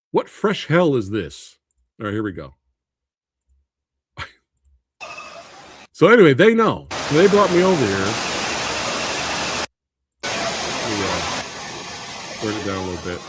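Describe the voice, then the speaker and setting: A man hosting a casual livestream, reacting with laughter and loud exclamations, swearing freely. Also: medium pitch, no echo, studio quality. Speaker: movie review livestream host.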